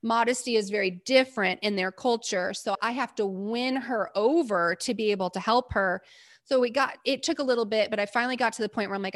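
A woman's voice: a little high, brisk, no echo, studio quality. A woman, a medical provider, candidly recounting her field work in an interview, in short emphatic bursts. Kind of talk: interview storytelling.

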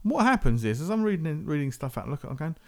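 A man's voice: on the high side, sing-song, fast talker, vocal fry, darkish tone. A man hosting a music podcast, chatting casually and rambling. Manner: rambling, chatty, self-interrupting. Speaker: podcast host.

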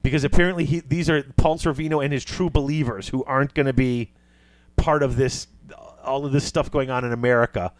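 A man's voice: medium pitch, fairly even intonation, a little fast, no room sound. A man casually retelling a movie plot, acting out the characters' lines as he goes.

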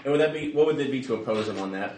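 Lively-pitched player in an echoey room. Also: male voice, racing, background noise. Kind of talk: tabletop game play.

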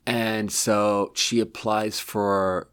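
A man from Europe hosting a podcast, laid-back, laughing easily and drifting quieter when he tells stories. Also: on the low side, little pitch movement, extremely slow, clean tone. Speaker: podcast host. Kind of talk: casual chat.

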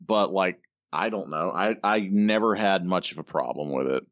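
Deep-voiced laid-back man on a podcast. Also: moderate pace, fairly bright tone, no room sound, muffled recording. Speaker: podcast co-host. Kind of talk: casual chat.

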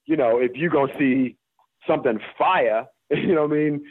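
A man from the US Deep South, an actor being interviewed, talking candidly and emphatically, swearing and laughing as he makes his points. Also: moderate pace. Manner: emphatic, profane, laughs while making points. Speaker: actor guest. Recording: tinny phone-line sound.

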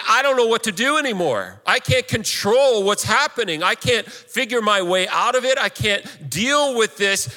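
A man's voice: pushed and bright, big-room sound. A man voicing a panicked male fisherman disciple in a storm, pleading and desperate. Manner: pleading, desperate, pitched up high.

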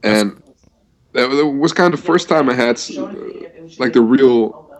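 A man's voice: medium pitch, a little slow. A man from the Netherlands chatting casually as a podcast co-host, often hesitating and repeating words. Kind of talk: casual chat.

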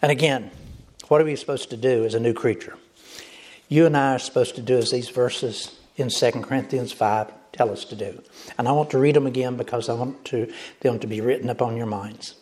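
A man's voice: mid-range voice, fairly even intonation, fairly quick, darkish tone. A male pastor preaching a sermon, emphatic and repetitive, speaking directly to the congregation.

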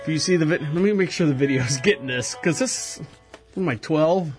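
A man's voice: fairly high pitch, brisk, faint music behind. A man hosting a live podcast in a small studio, rambling casually and laughing at himself, on a close headset mic. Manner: rambling, self-deprecating, laughs often. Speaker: podcast host. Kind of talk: casual live show monologue. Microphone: headphones with microphone close to face.

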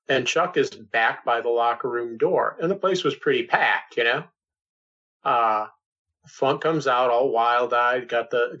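A man's voice: medium pitch, fairly bright tone. A man telling a loose, meandering anecdote in casual chat, with plenty of fillers and restarts. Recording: slightly dull sound.

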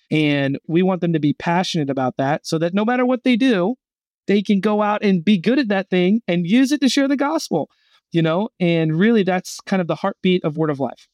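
Guest voice: a fairly high-pitched man, animated storyteller, dry close recording. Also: a little fast, dry recording. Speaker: gap year program guest. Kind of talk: podcast interview, storytelling.

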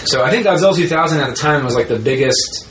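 Rambling guy co-host, a bit high, roomy echoey sound with faint hiss; swears freely. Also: lively intonation, fast, fairly bright tone. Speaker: podcast co-host. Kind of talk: casual chat.

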